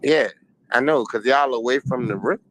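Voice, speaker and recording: A man's voice: mid-range voice, fairly quick, a bit bright, poor audio. A man from Richmond with a Virginia accent, telling stories laid-back in casual chat and swearing freely. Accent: Southern US, Virginia.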